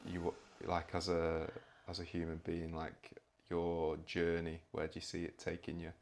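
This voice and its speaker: Very deep-voiced male podcast host. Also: unhurried. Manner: relaxed, jokey, frequent backchannel. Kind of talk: casual interview.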